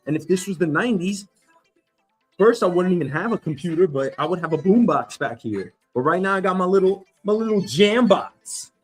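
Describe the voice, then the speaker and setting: A man's voice: high voice, expressive, a little fast, breathy edge, soft background music. A man hosting his own casual news commentary show, rambling and swearing with a swaggering, loose manner. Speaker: host.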